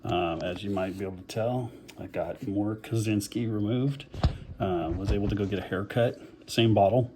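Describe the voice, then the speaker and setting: A man's voice: lowish voice, moderate pace, background noise. A man recovering from covid and on oxygen, talking in a rambling, casual video diary with lots of fillers and a short breath. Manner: rambling, many fillers, self-deprecating. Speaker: vlogger.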